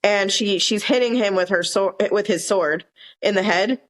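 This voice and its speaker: A woman's voice: mid-range voice, moderate pace. A woman with a Southern US accent co-hosting a podcast, rambling casually through episode scenes and quoting lines. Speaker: podcast co-host. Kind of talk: casual chat recapping a TV episode.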